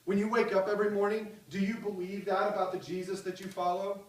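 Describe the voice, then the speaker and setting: Impassioned pastor in an echoey hall. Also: male voice, high-pitched, level tone, fast talker, distant mic. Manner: impassioned, swinging from loud cries to soft pleading. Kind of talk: sermon.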